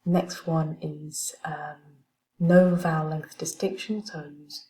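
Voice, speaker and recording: Woman, lowish voice, teacher explaining stuff in a video lecture, bit of faint background noise. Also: fairly even intonation, slow, dark tone, poor audio. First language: French. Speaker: language lecturer.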